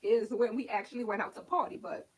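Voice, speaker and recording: Husky woman telling her story. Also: on the high side, fast talker, poor audio. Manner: candid, rambling, heavy use of "like". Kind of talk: casual personal storytelling. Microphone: streaming setup.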